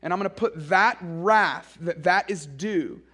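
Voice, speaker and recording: A man's voice: sits high, a little slow, sharp tone, husky. A man preaching an earnest sermon to students, stressing his points through repetition. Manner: earnest and emphatic, with repeated phrases. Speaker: speaker at a student summer gathering.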